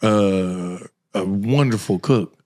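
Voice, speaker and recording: Rambling, animated male podcast host. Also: lowish voice, slow. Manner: rambling, animated storytelling with many restarts. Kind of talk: casual conversation.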